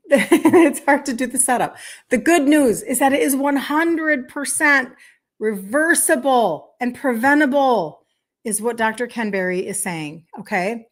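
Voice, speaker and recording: A woman in her fifties, a health coach, talking casually on a live stream, emphatic and chatty, repeating key points and checking in with "okay?". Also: fairly high pitch. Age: 50s. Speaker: health coach hosting a weekday live show.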